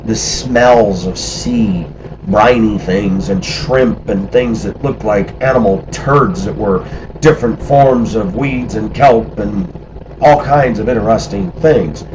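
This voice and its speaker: A middle-aged man takes it slowly in a fairly low voice, with background noise, while casually sharing stories from his years abroad. He's animated, acting out the voices of the people in his tales.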